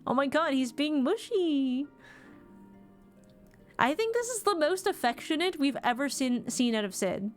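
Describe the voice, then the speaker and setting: A woman streamer with a slightly high voice talks through a game, reacting with dramatic, expressive outbursts. Faint game music plays underneath. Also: unhurried, pauses often. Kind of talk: let's-play commentary, reading dialogue aloud.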